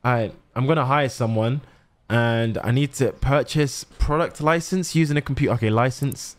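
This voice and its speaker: A young man streams a shop simulator, giving casual gameplay commentary to his chat and swearing often. His voice is mid-range at normal speed.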